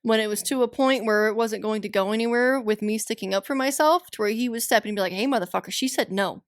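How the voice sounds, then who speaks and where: A woman's voice: on the high side, quick pace, clear, resonant tone, dry recording, studio quality. A woman guest on a podcast, a tradeswoman, talking bluntly and swearing a lot about her work. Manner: blunt, profane, self-described ornery. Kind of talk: casual podcast conversation.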